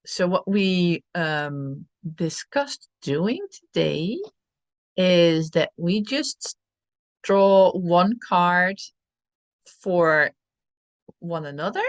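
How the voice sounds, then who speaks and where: Woman podcast co-host, very slow and lilting, giggly, dry close mic. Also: fairly low pitch, animated, no echo. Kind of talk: casual spiritual chat show.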